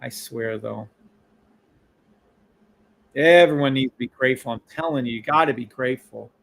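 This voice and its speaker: A middle-aged man streaming live trades, hyped up, yelling and swearing, repeating hype phrases over and over. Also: mid-range voice, normal speed, creaky, low-quality recording. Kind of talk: live-stream trading commentary.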